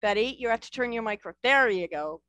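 A woman's voice: on the high side, animated, a little fast, fairly bright tone, clean tone, dry recording. A woman hosting a virtual book festival over a video call, bubbly and encouraging. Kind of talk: casual event hosting. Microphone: video call mic.

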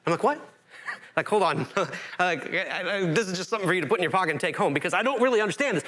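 Male pastor, sermon delivery, lively, frequent restarts, higher-pitched voice. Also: fast. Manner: animated, rising to emphatic peaks, with self-interrupting restarts.

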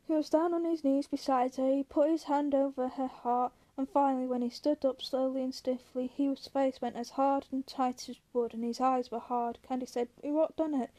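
A woman reading a novel aloud in a steady, measured way. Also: high-pitched, no room sound. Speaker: audiobook reader.

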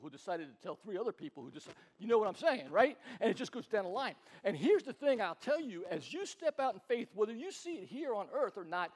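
High-voiced pastor telling stories. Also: male voice, husky. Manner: chatty, repeats words, acts out quoted voices. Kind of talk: casual sermon storytelling.

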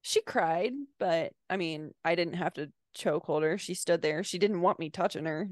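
A woman's voice: lowish voice, normal speed, dry recording, studio quality. A woman co-hosting a podcast in casual chat, telling stories with frequent laughs. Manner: chatty storyteller, laughing often. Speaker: podcast co-host.

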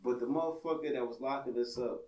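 A man's voice: medium pitch, fast, mellow. Rambling profane man. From Buffalo, New York. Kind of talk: casual group chat. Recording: echoey room, mic from a distance.

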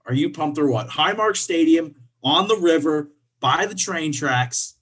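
A man's voice: a little high, animated, measured pace, a bit bright, husky. A young man from co-hosting a casual sports podcast, playful and laughing often as he trash-talks.

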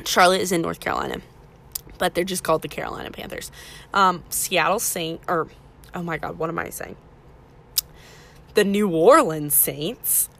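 Podcast lady explaining stuff to beginners, low gravelly voice, chatty, catches her own slips. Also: fairly bright tone. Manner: chatty, self-correcting, teaching beginners step by step. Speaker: podcast host.

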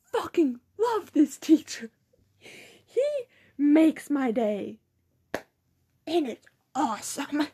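Speaking extremely slowly with frequent pauses, this teen girl vlogs about school in a rambling, giggly way, mimicking people's words in mocking voices. Her high voice is very animated and warm in tone.

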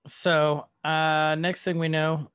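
A man's voice: fairly high pitch, little pitch movement, takes it slowly, a bit bright, clean tone, no echo, clean studio sound. A man co-hosting a podcast, casually recapping a TV episode with lots of ums and trailing asides. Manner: rambling with many fillers. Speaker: podcast co-host.

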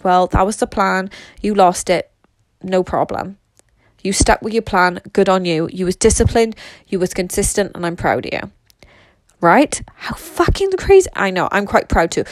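A woman's voice: medium pitch, no room sound. A young woman, talking casually and rambling in a solo monologue as a social media creator, swearing freely. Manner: rambling, swears freely, lots of "like" and "you know".

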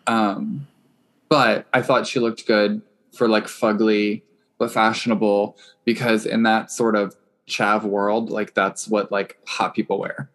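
A man's voice: on the low side, flat delivery, slow, a bit bright. A man hosting a podcast in casual chat, leading the segments in an easygoing way. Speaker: podcast host. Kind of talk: casual chat reviewing a reality show.

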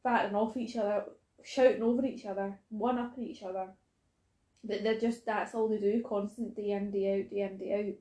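A woman's voice: medium pitch, fairly even intonation, normal speed, warm tone. Chatty woman, echoey room. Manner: chatty, laughs often, acts out quotes. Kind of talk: casual podcast chat.

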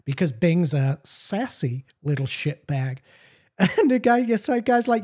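A woman's voice: lowish voice, big pitch swings, a little slow, mellow. A woman podcast host giving profane, mocking comedic commentary while reading chat logs aloud.

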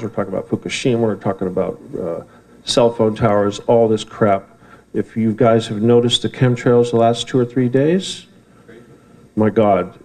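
A man's voice: lowish voice, a little mellow, poor audio. A man giving a rambling, heated talk to a live audience in an event room, often swearing and bantering with the crowd.

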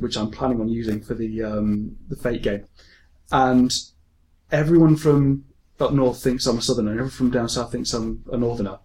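A man's voice: medium pitch, darkish tone. An English man with a mixed forces-kid accent hosting a casual podcast. He reads out listener mail, jokes, swears and laughs often. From England. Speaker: podcast host.

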